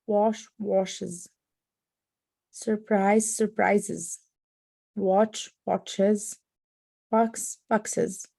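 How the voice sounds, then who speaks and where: A woman practising pronunciation, slowly and carefully repeating words and sentences. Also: mid-range voice, fairly even intonation, vocal fry, warm tone, no echo. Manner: slow, careful repeating and reading aloud. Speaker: language student.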